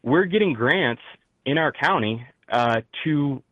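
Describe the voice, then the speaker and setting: A young man with a Midwestern accent talks as a caller, stopping and restarting his thoughts with plenty of fillers. His voice sits at a middling pitch. The sound is dry, with no room echo. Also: a bit bright, highs cut off. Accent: Midwestern American. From rural Midwest. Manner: halting, many fillers and restarts. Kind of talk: call-in talk show conversation.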